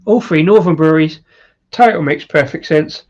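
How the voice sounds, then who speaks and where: A man's voice: a little high, moderate pace, lo-fi sound. A man hosting a casual live-stream beer review, rambling with lots of fillers and chuckles. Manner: rambling, with many fillers and laughs.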